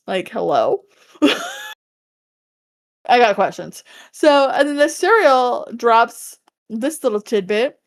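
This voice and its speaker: A woman co-hosting a podcast, recapping a book in casual chat, animated and laughing often as she acts out characters' lines. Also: medium pitch. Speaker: podcast co-host.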